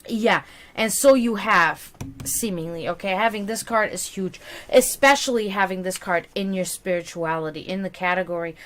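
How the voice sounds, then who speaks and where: A woman's voice: medium pitch, normal speed, a bit bright, a little hiss or hum. A woman giving a live-streamed tarot reading to a viewer, reassuring and tired, with many fillers and repeated words. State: tired, yawning. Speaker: tarot reader.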